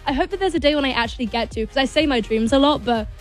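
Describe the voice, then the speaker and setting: A teenage girl with a high, light voice talks as a radio interview guest, bubbly and gushing, tumbling through fillers. Faint music plays behind her in the studio. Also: very fast. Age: teens. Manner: bubbly, gushing, lots of likes. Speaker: guest singer and actor.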